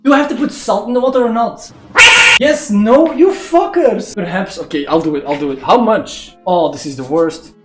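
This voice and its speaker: Young man, streamer, excitable, swearing, loud outbursts, echoey kitchen. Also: high-pitched, a little fast. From Belgium. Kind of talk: live-stream chat while cooking. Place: home kitchen. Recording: echoey kitchen with faint music.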